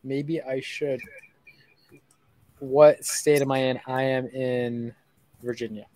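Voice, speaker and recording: A young woman hosting a casual live stream, excitable and jokey, swearing freely and teasing herself. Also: rumbling low, slow, no room sound. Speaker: streaming host making sales calls.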